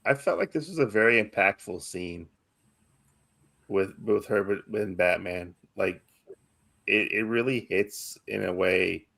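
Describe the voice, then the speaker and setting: A man's voice: on the low side, measured pace, gravelly, bright, forceful tone. A man on a casual podcast who speaks thoughtfully and hesitantly and asks short questions. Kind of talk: casual comic-book discussion.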